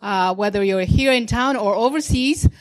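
A woman's voice: medium pitch, moderate pace. A woman making a businesslike announcement, reading out a phone number twice. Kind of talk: short announcement.

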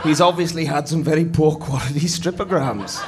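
A man's voice: fairly high pitch, normal speed, lightly acted. A man playing an indignant naked man on a train in an improvised comedy, with a dry manner.

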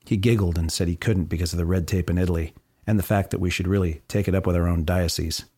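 American man, very low voice, dry close recording, wry diary reading. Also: fairly even intonation, quick pace, mellow, slightly rough, dry recording. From United States. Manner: wry, sardonic asides. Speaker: narrator.

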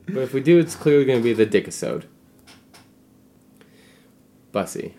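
A man's voice: medium pitch, very animated, normal speed, warm tone. Sarcastic joking man on a podcast. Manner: joking, sarcastic, mock voices. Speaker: podcast co-host. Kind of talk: casual chat.

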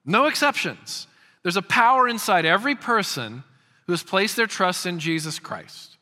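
Fifties male pastor, forceful bright tone, preaching emphatically with repeated starts, big reverberant hall. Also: sits high, sing-song, normal speed. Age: 50s. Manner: emphatic, repeats words when starting phrases. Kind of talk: sermon.

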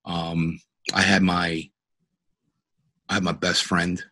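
A middle-aged man, a police officer, telling a personal story in a podcast interview in a halting, earnest way with many fillers and restarts. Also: low-pitched, level tone, bright, forceful tone, husky.

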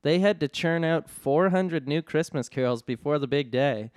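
Man narrating an absurd story, deadpan, fairly high voice, dry close mic. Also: moderate pace, no echo. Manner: deadpan narration, often breaking into laughter. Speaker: storyteller host. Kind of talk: reading an absurd comedy story aloud.

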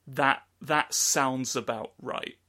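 Slow and medium-pitched with fairly even intonation, this podcast co-host has a bright, forceful tone as he meanders through a joking story in relaxed conversation. He performs the quoted lines, and a studio mic picks him up.

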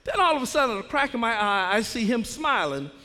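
A man's voice: very high-pitched, fast talker. A man, an assistant principal telling a funny, dramatic story in church, laughing as he goes. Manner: animated, laughing, dramatic retelling. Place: church sanctuary. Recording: echoey church hall.

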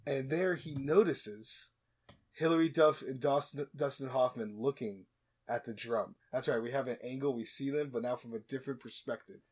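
A man's voice: medium pitch, normal speed, a little mellow, husky. Joking man recapping a movie. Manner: joking, rambling, many asides and restarts. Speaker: podcast host. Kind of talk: casual comedic movie recap.

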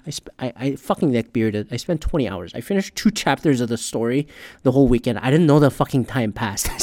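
A man talks in a loose, rambling rant full of swearing. He keeps a middle-range voice for long stretches, then grows loud and heated. His speech is an unscripted, casual chat. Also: medium pitch. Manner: profane, rambling, gets loud and worked up. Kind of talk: casual ranting recap.

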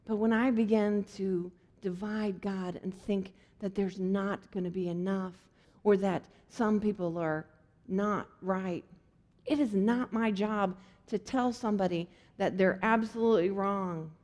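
A woman's voice: mid-range voice, fairly even intonation, measured pace, a little mellow, big-room sound. A woman preaching a sermon in an earnest, conversational way with playful asides.

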